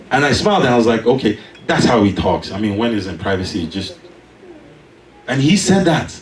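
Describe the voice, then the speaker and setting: A man preaching a sermon, telling a personal story with animated delivery and emphatic peaks. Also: medium pitch, fairly quick, reverberant, recorded from a distance, crowd noise, poor audio. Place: church.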